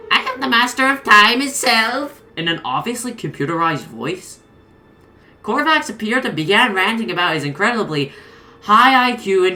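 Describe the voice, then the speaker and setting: A woman's voice: lowish voice, sharp tone, a little hiss or hum. A woman narrating a comedic horror story, exasperated and swearing heavily. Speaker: creepypasta reader.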